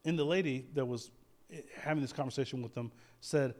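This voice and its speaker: A man preaching a sermon, animated and humorous, acting out quoted prayers and joking with the congregation. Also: medium pitch, a little fast. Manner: animated, acts out quoted prayers, self-deprecating humor, frequent laughs. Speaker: pastor.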